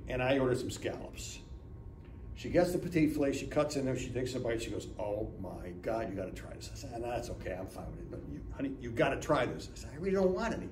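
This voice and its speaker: A Northeast Ohio man in his seventies, a guest speaker at a business lunch, tells stories chattily, acting out dialogue and often asking "right?" in a mid-range, darkish voice. The mic is far off in an echoey room, with slight background noise.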